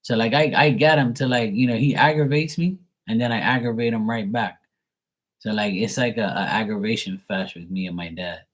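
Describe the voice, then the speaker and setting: A man in his forties with a low, husky voice, chatting loosely to camera. He wanders through a family story, full of filler words and restarts. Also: brisk. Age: 40s. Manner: rambling, heavy use of filler words. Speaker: tarot reader and channel host. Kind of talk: casual rambling storytelling.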